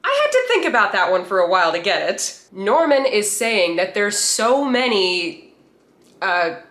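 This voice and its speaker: A woman's voice: medium pitch, sing-song, a little slow, fairly bright tone, roomy sound. A woman from the United States hosting a reaction commentary, speaking in a sarcastic, candid way. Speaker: host.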